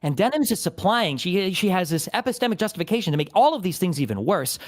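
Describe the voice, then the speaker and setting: Man, young adult, online debater, rapid, pointed questions, lively pitch.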